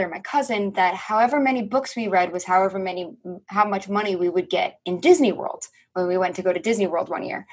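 A young woman, a podcast guest, telling stories in a lively, animated way, acting out quotes and swearing casually. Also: mid-range voice, breathy edge. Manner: animated storyteller, acts out quotes, swears freely. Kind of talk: casual conversation.

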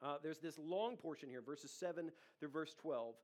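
A man's voice: a little high, moderate pace, darkish tone. A pastor in his thirties preaching a sermon in a conversational way, with asides to the congregation. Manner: conversational preaching with audience asides and acted quotes.

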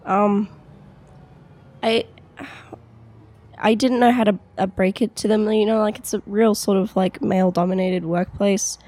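A woman's voice: mid-range voice, fairly even intonation, dark tone, natural voice. A woman with an Australian accent voicing an evasive young daughter who stammers and halts. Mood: hesitant. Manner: halting, stammering.

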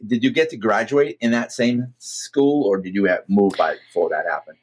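A man's voice: lowish voice, expressive, normal speed, breathy edge. A middle-aged man with a Boston accent, hosting a podcast and telling rambling stories with many restarts. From Massachusetts. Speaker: podcast host. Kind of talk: casual chat.

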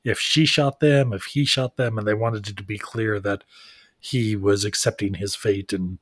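A man's voice: on the low side, steady tone, normal speed, fairly bright tone, dry recording, studio quality. Man explaining trivia in casual chat. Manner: explains behind-the-scenes facts, laughs along. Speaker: podcast co-host. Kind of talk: casual chat recapping an episode.

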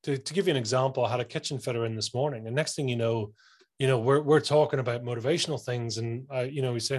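Speaking fast at a medium pitch, a male author and coach chats casually as a guest. He tells stories with real enthusiasm, acting out what other people said.

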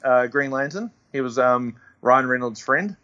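A man's voice: mid-range voice, bright, forceful tone. Joking New Zealand man, dry humor. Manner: quick, joking, laughs often, dry humor. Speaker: podcast host. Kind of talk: casual chat. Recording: slightly dull lo-fi sound.

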